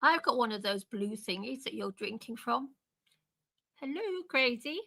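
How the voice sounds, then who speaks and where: A woman's voice: a little high, normal speed, creaky, bright, forceful tone. An older woman chatting casually in a group discussion, laughing often.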